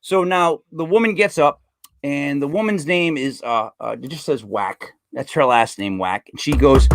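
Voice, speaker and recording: A man's voice: on the high side, brisk, no room sound. Man, podcast host, dry close sound, rambling casual chat. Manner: rambling storyteller, animated with joke voices.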